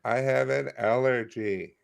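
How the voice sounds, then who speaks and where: A man co-hosting a comedy podcast, answering in a deadpan way with short, curt replies. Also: medium pitch, measured pace, vocal fry. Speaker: podcast co-host. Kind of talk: casual comedic chat.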